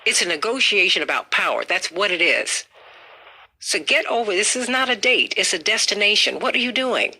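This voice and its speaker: A woman's voice: medium pitch, big pitch swings, normal speed, pushed and bright, husky. Firm woman talk show host. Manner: firm, emphatic, repeats names to cut in. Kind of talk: radio call-in talk show.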